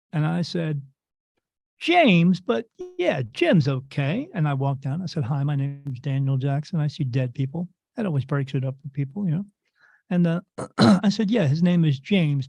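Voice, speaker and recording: A man's voice: fairly high pitch, vocal fry, slightly rough, no room sound, highs cut off. A man who works as a medium, telling stories casually in an interview and acting out the voices of the people in them. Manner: animated storyteller acting out quoted voices.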